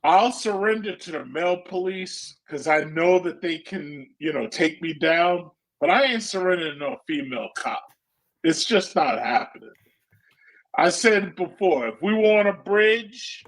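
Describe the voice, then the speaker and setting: A man's voice: sits high, lively intonation, normal speed, a bit bright. A man hosting a stream, giving blunt, joking and profane reaction commentary in a casual way. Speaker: stream host.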